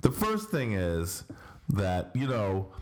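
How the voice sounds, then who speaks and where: A man's voice: fairly low pitch, huge pitch swings, slow pace, darkish tone. A middle-aged man hosting a podcast in casual chat, grumbling in mock aggravation. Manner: grumbling, mock-aggravated, sing-song greetings. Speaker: podcast host. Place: home studio in Barcelona.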